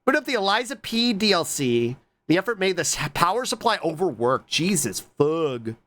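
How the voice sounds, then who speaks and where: A man streaming and chatting casually with his viewers, excitable and swearing often. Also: fairly quick. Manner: excitable, swears a lot, jumps to squeaky high greetings.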